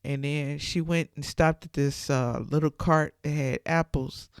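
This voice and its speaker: A woman's voice: sits low, fairly even intonation, measured pace, clear, resonant tone, no echo, clean studio sound. A woman casually retelling a film's plot in her own words, chatty and full of fillers. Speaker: channel host. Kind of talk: casual movie recap.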